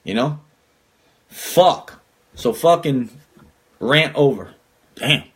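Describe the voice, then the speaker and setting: A man's voice: mid-range voice, lively intonation, drawn-out words, a bit bright, husky. A young man hosting a podcast, ranting casually and swearing a lot as he gets worked up. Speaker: podcast host.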